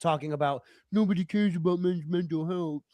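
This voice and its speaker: A man's voice: a little high, a little fast, dark tone, dry recording. A man hosting a podcast, joking along with his guest and speaking bluntly with plenty of swearing. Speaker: podcast host. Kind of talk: casual podcast chat.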